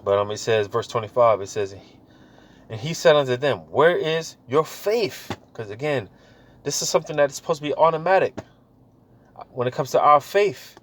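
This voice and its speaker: A man's voice: medium pitch, expressive, slight background noise. Slangy man giving casual Bible teaching. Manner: slangy, keeps saying "man" and "you know"; reads scripture aloud slowly, then riffs on it.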